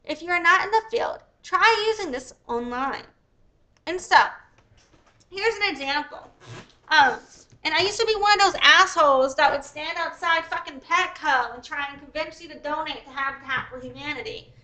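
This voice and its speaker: A woman's voice: sits high, normal speed, pushed and bright, rough recording. A woman reading her own business ebook aloud, then explaining it in a blunt, profane, rambling way.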